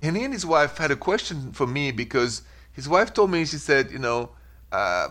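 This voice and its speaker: A man's voice: medium pitch, sing-song, moderate pace, a bit bright. A man with a French accent hosting a call-in advice show, upbeat and reassuring. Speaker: radio advice show host.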